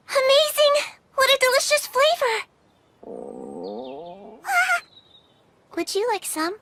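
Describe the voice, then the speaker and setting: A young witch heroine: very high, polite, earnest anime voice. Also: normal speed, heavy background noise. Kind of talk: anime English dub.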